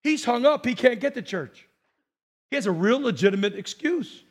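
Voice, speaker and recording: A man's voice: very high voice, expressive, normal speed. A middle-aged male pastor preaching a sermon, asking the congregation questions and getting them to repeat words back.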